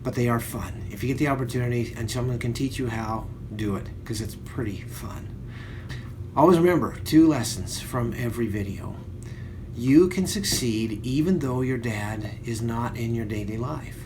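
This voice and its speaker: A man's voice: medium pitch, moderate pace, noisy background. A man hosting a video, giving friendly encouraging advice to viewers. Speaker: channel host. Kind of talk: casual video outro.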